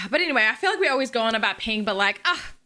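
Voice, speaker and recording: A young woman co-hosting a relaxed gaming chat, with a bright, forward tone. She talks in bursts, restarting her sentences and laughing between thoughts. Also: a little high, fast. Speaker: podcast co-host.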